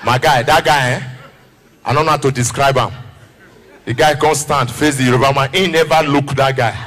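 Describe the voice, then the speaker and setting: A man with a Nigerian accent doing animated stand-up comedy, shouting and singing as he acts out people. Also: medium pitch, normal speed, big-room sound. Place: large live comedy venue. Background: loud crowd and music.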